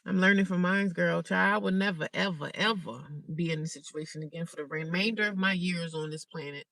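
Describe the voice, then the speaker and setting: A woman talks straight to her livestream audience in a casual, blunt way, circling back to repeat her point. Her voice is bright and forceful. She sits back from the phone, so she sounds distant, but the sound is dry with no room echo. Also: lowish voice, brisk, vocal fry, few pauses. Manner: blunt, repetitive, animated storytelling. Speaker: livestreamer sharing her daily life.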